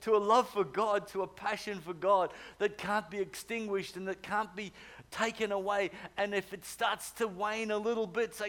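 Brief: middle-aged man preaching, slightly high voice, animated storyteller. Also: normal speed. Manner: animated storytelling, swinging from loud urging to hushed. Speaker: pastor. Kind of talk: sermon.

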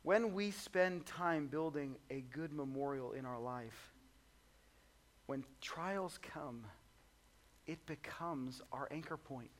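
A man preaching a sermon in a conversational, humorous way, swinging between soft low asides and loud high exclamations. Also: takes it slowly. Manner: conversational and humorous, acts out voices of the disciples. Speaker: pastor.

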